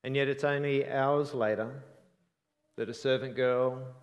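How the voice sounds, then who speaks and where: A man preaching a sermon in an earnest, reflective way, often trailing off softly at the ends of phrases. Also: mid-range voice, steady tone, unhurried, in a large hall, highs cut off.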